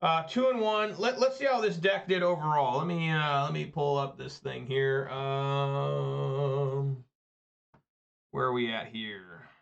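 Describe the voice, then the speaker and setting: A man's voice: medium pitch, slow pace, gravelly. Rambling, profane man in his thirties. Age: 30s. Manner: rambling, profane, chatty storyteller. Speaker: online card game streamer. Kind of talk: casual gameplay commentary. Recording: slightly muffled lo-fi recording.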